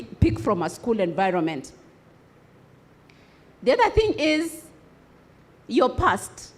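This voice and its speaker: A woman addresses young students at a conference. Her voice sits high and swings widely in pitch. She keeps asking the room questions and prompting them to answer back with conviction. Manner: rhetorical questions, call-and-response with audience. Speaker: conference speaker. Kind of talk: motivational speech to students.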